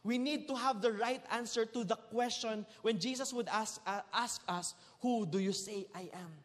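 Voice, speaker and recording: A man with a Filipino accent preaches to his congregation, his voice pitched high and carrying a long trail of reverb through a large church hall. He is emphatic, jokes with the listeners and moves freely between English and Tagalog. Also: normal speed. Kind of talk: sermon.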